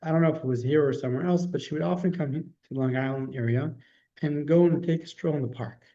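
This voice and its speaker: A man teaches a religious class as its rabbi, telling stories in a loose, conversational way and often restarting his sentences. His voice sits a little high but sounds dark and mellow. The recording is dull and lo-fi. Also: fast. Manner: conversational storytelling with frequent restarts. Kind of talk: storytelling lesson.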